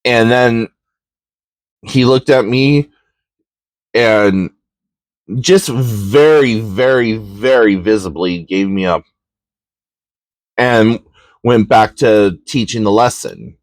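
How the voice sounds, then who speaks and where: A man's voice: fairly low pitch, slow, pauses often, dry recording. A man hosting a podcast, telling a personal story in a candid, reflective way with frequent ums and likes. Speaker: podcast host.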